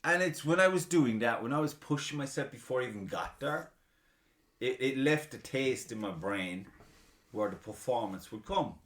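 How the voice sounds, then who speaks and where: In a mid-range voice at normal speed, the podcast host chats casually and curses without restraint. He's lively, self-deprecating, and quick to laugh, recorded in a roomy, echoing space.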